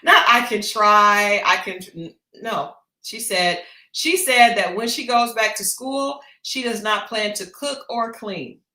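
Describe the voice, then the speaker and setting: A woman's voice: fairly high pitch, a little slow, few pauses, reverberant. Gossipy woman co-hosting a stream. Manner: blunt, gossipy, animated retelling. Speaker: podcast co-host. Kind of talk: casual reality-TV commentary. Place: home studio for a livestream.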